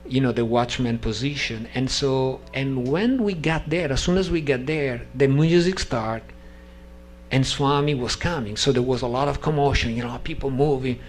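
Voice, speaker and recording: A man, not a native English speaker, telling a personal story at a devotional gathering, halting and restarting sentences and acting out the dialogue. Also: mid-range voice, a little hiss or hum. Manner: animated, acts out dialogue in story.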